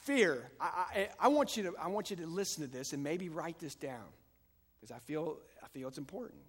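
A man preaching a sermon as pastor, moving between calm teaching and loud, fervent passages. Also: fairly high pitch, moderate pace, breathy edge. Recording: long hall reverb.

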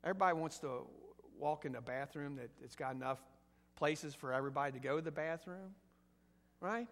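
A pastor preaches a conversational sermon in a church sanctuary, posing questions to the congregation and building to emphatic peaks. His voice is fairly high and a bit bright, and he talks a little fast. The hall sounds echoey.

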